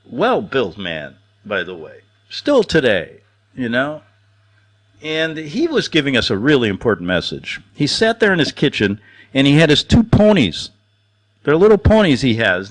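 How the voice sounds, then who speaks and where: A male talk show host in a rambling, mocking casual monologue who laughs often. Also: medium pitch.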